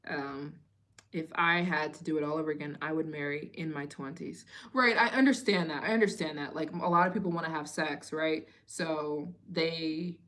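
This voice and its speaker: A young woman in her late twenties hosts a live Q&A stream, chatting casually. Her voice sits a little low for a woman. She tells her stories in a loose, expressive way. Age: 20s. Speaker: travel vlogger hosting a live Q&A.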